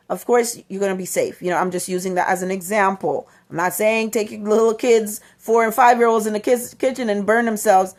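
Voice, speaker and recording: A woman's voice: medium pitch, steady tone, normal speed. A mother hosting her own channel, giving an emphatic inspirational talk to parents, repeating her key points and acting out the voices she quotes. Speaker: motivational channel host and mother.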